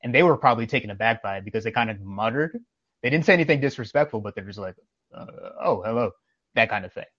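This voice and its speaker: A man's voice: lowish voice, racing, a bit bright, breathy edge, dry recording, dull audio. A man co-hosting a casual podcast, telling anecdotes with emphatic, preachy conviction. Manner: emphatic, preachy, tells anecdotes with quoted dialogue. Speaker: podcast co-host.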